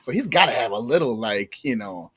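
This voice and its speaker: Husky-voiced, easygoing male podcast co-host. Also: mid-range voice, lively intonation, a little fast, a bit bright. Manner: easygoing, laughs often, stammers. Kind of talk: casual movie review chat.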